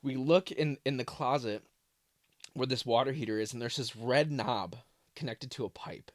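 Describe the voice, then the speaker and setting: A man's voice: medium pitch, moderate pace, no echo, clean studio sound. A young man in his twenties telling a childhood story in a loose, casual vlog style from his parents' basement, full of "like" fillers. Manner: loose, filler-heavy, lots of "like". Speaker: vlogger.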